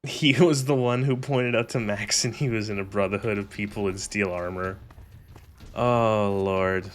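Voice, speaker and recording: A man's voice: on the low side, steady tone, unhurried. Sarcastic, rambling young man streaming. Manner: rambling, sarcastic, profane, laughing often. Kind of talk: casual gaming stream commentary.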